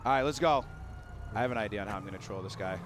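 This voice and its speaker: A hoarse young man hosting a gaming channel, giving hyped, giggly commentary while he plays and shouting when things get exciting. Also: lowish voice, rapid-fire, background noise.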